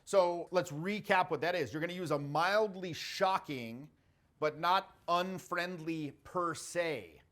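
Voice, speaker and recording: A man in his forties, a social skills coach, giving a blunt, jokey coaching talk full of stories and swearing. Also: on the high side. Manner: blunt, profane, jokey storytelling.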